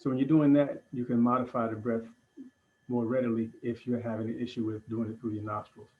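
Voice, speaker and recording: Male breathwork instructor, measured guiding delivery, mid-range voice, muffled stream sound. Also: medium pitch, slight background noise. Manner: calm, deliberate instruction with pauses. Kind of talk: guided breathing lesson.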